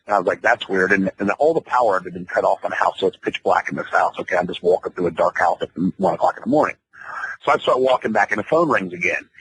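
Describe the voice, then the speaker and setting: Fast-talking, low-voiced man telling a story. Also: poor audio. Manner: profane, rambling, animated. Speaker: interview guest. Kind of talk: casual storytelling. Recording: radio interview audio.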